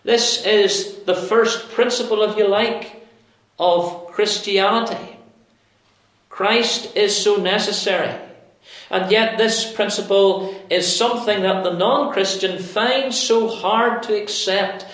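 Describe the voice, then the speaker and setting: A man preaching a sermon, explaining scripture in a slow, deliberate way with emphatic pauses. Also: sits high, fairly even intonation, a bit bright. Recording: very echoey room.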